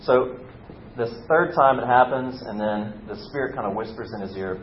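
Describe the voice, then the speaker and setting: A man preaching a casual, conversational sermon, telling a story and lightly acting out the quotes. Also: moderate pace. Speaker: pastor. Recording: roomy, slightly dull recording with faint rumble.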